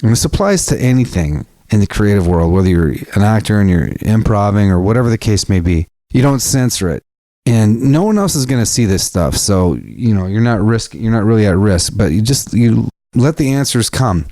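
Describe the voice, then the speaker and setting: A man's voice: fairly low pitch, big pitch swings, normal speed, dark tone, no room sound. A man hosting a solo podcast, talking casually and frankly, swearing freely and restarting his sentences often. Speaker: podcast host.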